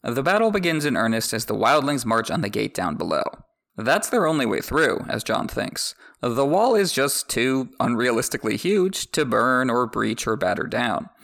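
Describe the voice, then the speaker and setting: Wry podcast host with a gravelly voice. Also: male voice, mid-range voice, big pitch swings, normal speed, a bit bright. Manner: wry, joking asides. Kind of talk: chapter recap with read excerpts.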